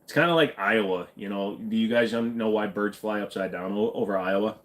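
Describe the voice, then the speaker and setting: A man's voice: on the low side, brisk, fairly bright tone. A man hosting a casual livestream, joking as he reads and answers viewer comments. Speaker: livestream host.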